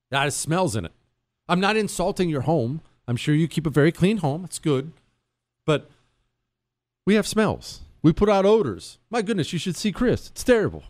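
Playful, animated American talk show host. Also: male voice, on the high side, no room sound. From Ohio, USA. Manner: playful, self-mocking, teasing his producer. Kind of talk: casual radio show banter.

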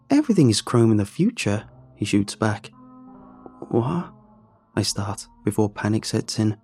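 A man tells a first-person story in a low, husky voice with a mellow tone. His delivery is measured and steady. Faint music plays underneath.

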